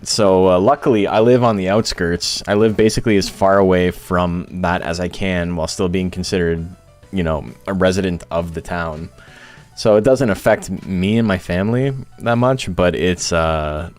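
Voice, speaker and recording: A young man from Ontario, Canada, chats casually while streaming a game, launching into loose, profane, joking rants. His voice is low and a little mellow, at a moderate pace, with faint game music behind him.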